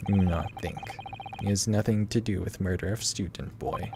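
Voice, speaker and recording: A man putting on a gruff Russian sailor. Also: deep voice, background noise, pitched below the performer's own voice. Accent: put-on Russian. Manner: broken English, slow and curt. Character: gruff male Russian sailor guard, blunt and proud.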